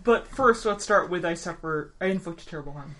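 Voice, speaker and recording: A woman's voice: lowish voice, expressive, fairly quick, a bit bright. A woman playing in a tabletop game, talking casually and hesitantly with many fillers. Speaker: player. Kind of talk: casual tabletop role-play.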